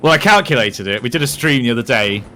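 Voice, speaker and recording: A man's voice: mid-range voice, animated, quick pace, bright, forceful tone, faint music behind. A man guesting on a casual gaming session, enthusiastically explaining a nerdy side project. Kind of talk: casual multiplayer gaming chat.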